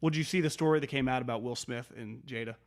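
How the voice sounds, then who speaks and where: A man's voice: medium pitch, racing. A man co-hosting a casual sports talk show, bantering loosely with plenty of swearing. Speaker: co-host.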